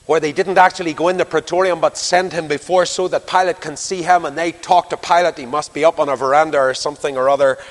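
A man's voice: fairly high pitch, big-room sound. A man preaching a sermon, dramatically acting out dialogue with rising and falling intensity.

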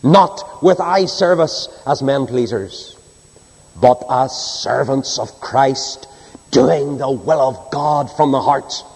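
A man preaching a sermon and reading scripture, swinging between soaring high cries and low hushed drops. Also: slow pace, breathy edge. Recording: long hall reverb.

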